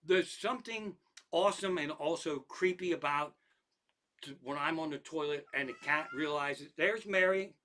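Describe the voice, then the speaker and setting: Bright-voiced profane comedian telling stories. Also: male voice, on the high side, normal speed. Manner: profane, rambling, lots of restarts, animated. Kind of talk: stand-up style storytelling monologue.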